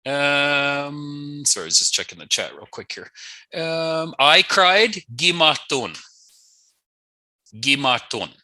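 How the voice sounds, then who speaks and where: A man's voice: a little high, expressive, slow, long pauses, sharp tone, dry recording, poor audio. A man teaching an online language lesson, patiently saying each word twice and adding playful asides.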